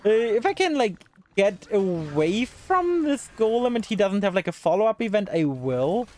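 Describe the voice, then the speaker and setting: A woman's voice: medium pitch, big pitch swings, moderate pace, darkish tone. A woman streaming live gameplay, talking to the game's characters in exasperation and swearing freely. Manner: exasperated, talks to the game characters.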